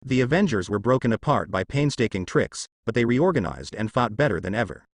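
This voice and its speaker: A man's voice: mid-range voice, animated, fairly quick, no echo, studio quality. A man reading a storybook voices an arrogant, scheming male god who rants with contempt. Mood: bitter. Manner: ranting, contemptuous.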